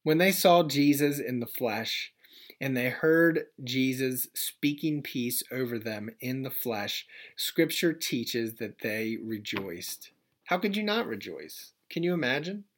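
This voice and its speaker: A man in his thirties preaching a sermon as pastor, in a gentle, conversational way with folksy asides. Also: medium pitch, very animated, unhurried.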